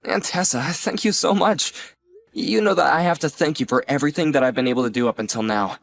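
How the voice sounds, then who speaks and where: A young man playing a newly engaged nephew who is earnest and gently apologetic. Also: fairly high pitch, fairly quick, vocal fry. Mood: grateful. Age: young adult. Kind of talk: scripted dialogue drama.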